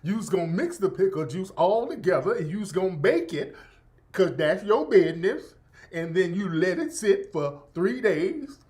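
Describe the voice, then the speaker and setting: A man voicing a sweet, folksy woman home cook who talks in a slow, sing-song drawl. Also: high voice, big pitch swings, a little mellow. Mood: syrupy.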